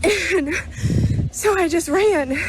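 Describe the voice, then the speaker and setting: High-voiced, slow, earnest woman. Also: noisy background. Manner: earnest, halting, many fillers and restarts. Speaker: vlogger sharing a spiritual testimony. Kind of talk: personal testimony vlog.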